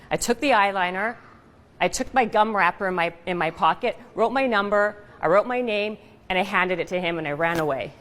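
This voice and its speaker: A woman giving a stage talk, telling a personal story in a lively, punchy way with rhetorical questions. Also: mid-range voice, in a large hall.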